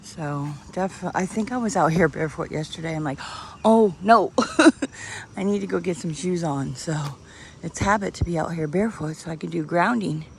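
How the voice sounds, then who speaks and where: A woman's voice: on the low side, moderate pace, vocal fry, a little hiss or hum. A woman, chatting casually and rambling as she does yard work outdoors, holding the camera close to her face. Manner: chatty, rambling, laughs often. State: out of breath at times. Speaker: vlogger. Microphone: handheld camera close to face.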